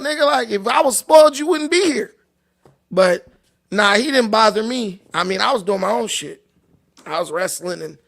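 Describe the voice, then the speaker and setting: A man's voice: sits high, a bit bright. A man from Long Beach, telling profane, laughing stories as a livestream host. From Long Beach, California. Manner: loose, profane, laughing storyteller. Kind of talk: casual storytelling.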